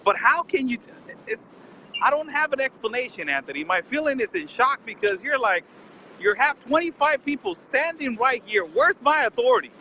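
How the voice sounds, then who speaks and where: High, bright-voiced indignant man. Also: very animated, moderate pace, slight background noise, rough recording. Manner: indignant, fires rhetorical questions, keeps addressing the host by name. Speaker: border correspondent calling in. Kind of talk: casual live-stream conversation.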